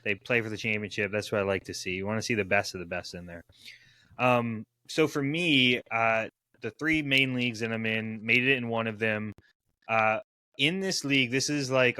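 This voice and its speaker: Bright, dry-sounding male podcast host. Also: on the low side, fairly even intonation, moderate pace, no echo. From Florida, USA. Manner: chatty and upbeat, loose with fillers. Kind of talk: casual podcast chat.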